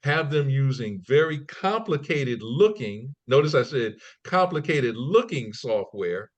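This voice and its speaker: A man's voice: mid-range voice, a little slow, dull audio. Guy on a podcast, chatty, does little voices for people in his stories. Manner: animated storyteller, acts out quotes in raised voices; repeats and restarts words, folksy asides. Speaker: guest, trading company CEO. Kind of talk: conversational interview.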